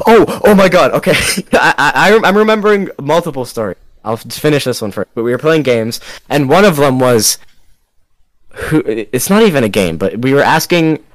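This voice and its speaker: A man's voice: medium pitch, expressive, normal speed, no echo. A young man on a casual podcast with friends, rambling through a story with restarts and laughs. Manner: rambling, self-interrupting storyteller with frequent laughs. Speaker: podcast co-host. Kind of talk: casual chat among friends.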